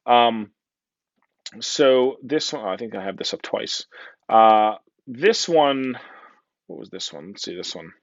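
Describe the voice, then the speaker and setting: A man's voice: medium pitch, animated, measured pace, long pauses, no echo, lo-fi sound. A man with a New Jersey accent giving a casual, joking conference talk full of fillers. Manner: chatty, joking, many fillers and "right?". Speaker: conference speaker.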